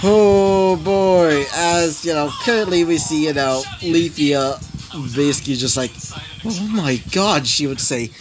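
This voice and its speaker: A man's voice: a little high, a little slow. Rambling young man telling a story. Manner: rambling, full of 'you know' and 'basically'. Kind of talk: improvised fan story narration.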